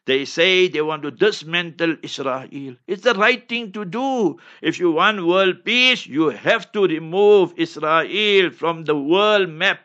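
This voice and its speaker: A man's voice: on the high side, gravelly, sharp tone, highs cut off. A man giving an impassioned, declamatory religious talk, hammering his points with constant reminders. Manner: fiery, declamatory, keeps repeating "remember". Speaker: religious speaker.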